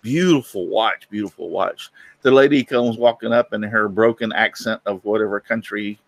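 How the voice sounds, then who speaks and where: Middle-aged host, folksy anecdote teller, dry close mic. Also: male voice, lowish voice, normal speed, dry recording. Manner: folksy storyteller, acts out voices in anecdotes. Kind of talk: casual chat.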